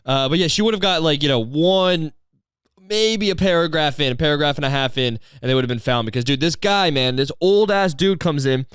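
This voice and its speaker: Man, comedian podcast host, slightly high voice, smooth resonant tone, profane rambling monologue, dry close sound. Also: fairly quick, no room sound. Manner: profane, digressive, deadpan storytelling.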